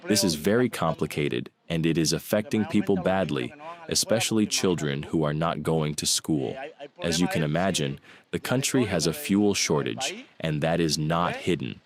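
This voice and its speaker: A man's voice: extremely low pitch, lively intonation, normal speed. A man giving a grave, plain voice-over translation of an interview. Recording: crowd noise behind.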